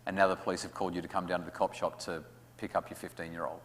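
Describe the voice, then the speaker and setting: A man's voice: sits low, level tone, racing, a bit bright, a little hiss or hum. An Australian man speaking to parents in a conversational, humorous way as a guest speaker at a school talk. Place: school hall. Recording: long hall reverb.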